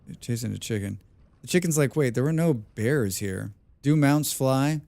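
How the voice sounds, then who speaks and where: A man live-streaming a game, chatting with his viewers in a loud, excitable and passionate way. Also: mid-range voice, moderate pace, gravelly, no echo. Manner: loud and excitable, calls himself a passionate speaker.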